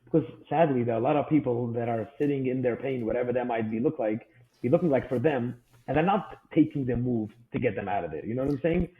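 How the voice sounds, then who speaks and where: A man's voice: medium pitch, fast. A man who is a guest on a business podcast, telling stories casually and acting out the voices of the people in them. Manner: storytelling, acts out quoted voices. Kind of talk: casual interview talk with acted-out anecdotes. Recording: echoey room over a tinny phone-like line.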